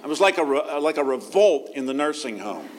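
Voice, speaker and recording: A man's voice: on the high side, animated, a little fast, a little hiss or hum. A man, a pastor, giving a conversational sermon with asides and restarts.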